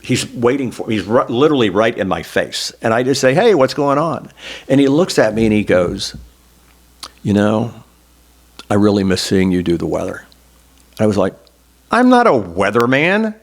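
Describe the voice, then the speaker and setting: In an oral history interview, a middle-aged Oklahoma man who once served as a state senator reflects on his past through earnest, self-deprecating stories. He speaks at a moderate pace in a lowish voice with a darkish tone.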